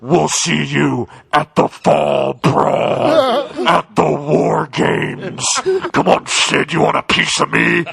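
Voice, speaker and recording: Man doing a deep, drawn-out wrestler promo: slow and menacing. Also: gravelly, crowd noise, exaggerated voice. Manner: slow, deep, theatrical challenge. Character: booming masked wrestler, grandly menacing.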